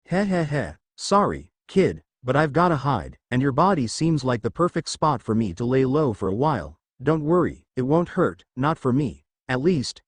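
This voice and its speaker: A man's voice: mid-range voice, big pitch swings, normal speed, few pauses, slightly rough, no echo. A man voicing a slimy sludge monster with a warbly, chuckling voice in a storybook reading. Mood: sly, menacing. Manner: chuckling, smug.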